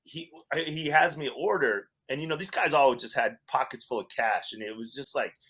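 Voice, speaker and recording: A man's voice: mid-range voice, moderate pace, fairly bright tone, slightly rough. A man from Wyoming, a comedian guest, casually telling a story with restarts and laughter. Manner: rambling, self-interrupting, laughs through the story.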